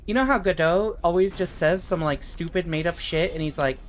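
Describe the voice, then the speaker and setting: A young adult woman streaming a game, chatting casually with her chat and swearing in expressive outbursts. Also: lowish voice, a little fast, a little hiss or hum.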